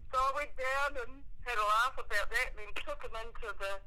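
A woman's voice: on the high side, fairly quick, slight background noise. A middle-aged woman on a phone call, telling family stories in a casual chat and acting out the people she quotes. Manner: animated anecdote-telling, voicing quoted people. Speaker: guest, host's mother.

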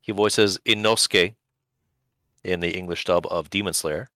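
Deep, bright-toned man with dry wit. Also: steady tone, unhurried, no room sound. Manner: dry, wry remarks. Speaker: podcast co-host. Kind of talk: casual chat.

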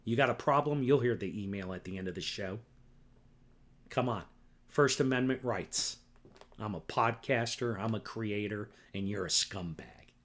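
A man's voice: on the low side, normal speed. A middle-aged man hosting a solo podcast, ranting angrily and with lots of profanity, often tagging his points with "right?" and "okay?". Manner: repetitive, keeps asking "right?" and "okay?". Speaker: podcast host.

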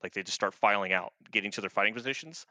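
Veteran male guest, 30s, crisp dry close-mic sound, casual profane storyteller. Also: fairly low pitch, fast, pushed and bright, no echo. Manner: laid-back, profane, rambling with many fillers.

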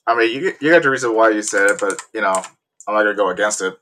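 A man's voice: lowish voice, rapid-fire, bright, forceful tone, a little hiss or hum. A man co-hosting a podcast in casual chat, hesitant and stuttering now and then. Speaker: podcast co-host.

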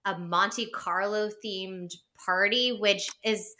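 A woman's voice: mid-range voice, fairly even intonation, takes it slowly, bright, forceful tone. A woman co-hosting a podcast, recapping a reality show in rambling casual chat full of "like". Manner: rambling, filler-heavy storytelling with lots of "like". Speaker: podcast co-host.

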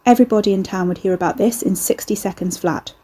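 A woman narrating a storybook in a steady, dry way. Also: mid-range voice, fast talker, slightly rough. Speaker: audiobook narrator.

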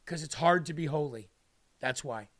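A man's voice: fairly high pitch, moderate pace, fairly bright tone. A man preaching an emotional livestream sermon, pleading and repeating questions for emphasis.

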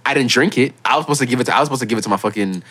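A young man in his late teens hosting a casual podcast, telling stories in an animated way and getting loud when he quotes himself. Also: medium pitch, very fast. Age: young adult. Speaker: podcast host.

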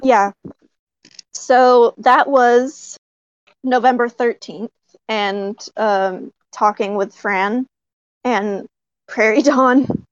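A fairly high-voiced woman tells a casual story with eager excitement, breaking into laughs and filling pauses with ums and likes. She is a puppeteer. The recording sounds dry and a little dull. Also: clear, resonant tone, dry recording. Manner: excited, laughing, many fillers.

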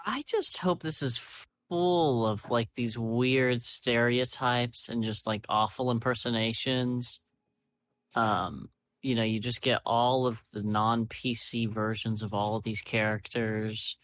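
A man's voice: medium pitch, fairly even intonation, takes it slowly, a bit bright. A man co-hosting a podcast in casual chat, blunt and profane, riffing in long rambling runs. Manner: blunt, swears a lot, rambling riffs. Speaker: podcast co-host.

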